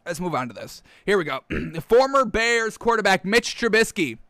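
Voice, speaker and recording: Recorded clean through a close studio microphone with no room sound, this high, bright-voiced man hosts a sports show and launches into a casual football rant. He's heated and animated at a normal speed, repeatedly addressing everyone as "folks."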